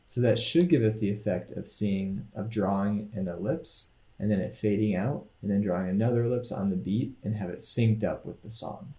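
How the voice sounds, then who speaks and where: Male instructor, coding lecture, relaxed explaining, mellow dark tone, roomy echo. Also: on the low side, moderate pace, hardly any pauses. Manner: relaxed, explanatory, thinking aloud with fillers. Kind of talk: screen-recorded coding lecture.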